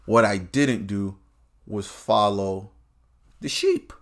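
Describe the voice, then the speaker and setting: Profane man ranting in bursts. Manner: profane, animated, swings between loud bursts and low drawn-out asides. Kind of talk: political rant monologue.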